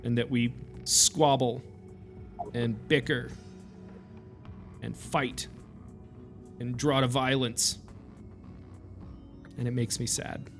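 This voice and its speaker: Guy doing a sanctimonious preacher, slow solemn sermon voice. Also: medium pitch, flat delivery, faint music behind. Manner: solemn, preachy, passive-aggressive. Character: pious, sanctimonious male preacher type.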